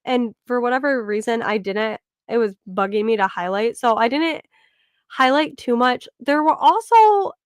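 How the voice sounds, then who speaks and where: A woman's voice: a little high, animated, moderate pace, smooth, no echo, clean studio sound. A woman chatting casually in a book club discussion, full of "like" fillers and restarts.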